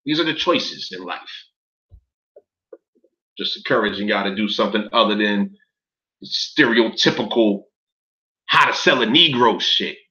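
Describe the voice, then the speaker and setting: A man, talking casually in a profane, animated vlog, jumping from low muttering to excited shouts while reading from a website. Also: a little slow, long pauses, muffled recording. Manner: profane, street slang. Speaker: vlogger.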